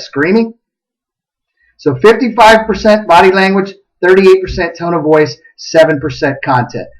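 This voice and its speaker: A middle-aged man with a fairly high voice gives a short motivational talk. He is an animated storyteller who tells anecdotes. The voice sounds a bit distant from the microphone. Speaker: host of a motivational minute.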